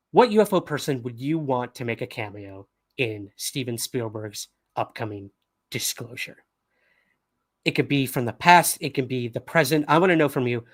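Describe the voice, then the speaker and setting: A man's voice: mid-range voice, no room sound, clean studio sound. A man hosting a news livestream, talking casually with fillers and laughs. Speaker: podcast host.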